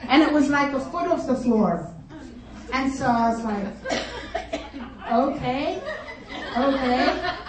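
A middle-aged woman telling a comic story to a luncheon crowd in a chatty, animated way, laughing as she goes. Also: high voice, normal speed. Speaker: luncheon speaker. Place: conference luncheon hall. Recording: echoey hall from far off, room noise.

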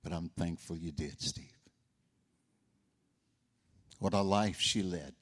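A man's voice: low voice, slow, fairly bright tone, slightly rough. An older man giving a folksy eulogy for his sister, telling stories and acting out the voices in them. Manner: folksy storyteller, acts out voices. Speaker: eulogist, brother of the deceased. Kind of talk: memorial eulogy with storytelling.

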